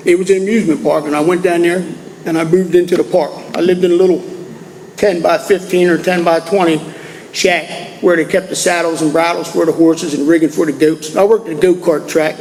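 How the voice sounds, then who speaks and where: An older man from Maryland tells his life story to a recovery meeting, plainspoken and folksy, often repeating himself. His voice sits high for a man. A long hall reverb and faint room noise hang behind him. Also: darkish tone. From Maryland, USA. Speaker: AA speaker. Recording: echoey hall with faint ambience.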